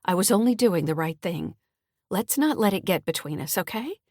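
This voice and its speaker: A woman's voice: mid-range voice, expressive, normal speed, a little mellow, dry recording, clean studio sound, close to an everyday voice. A woman voicing a friendly small-town escrow officer in an audiobook, chatty and earnest. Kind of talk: audiobook character reading.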